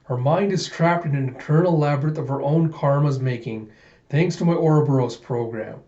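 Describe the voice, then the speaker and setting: A man's voice: fairly high pitch, moderate pace, warm tone, close to an everyday voice. A man voicing a smug, childish mad scientist who gets giddy over dessert, in a roomy, dull lo-fi recording. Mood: gloating.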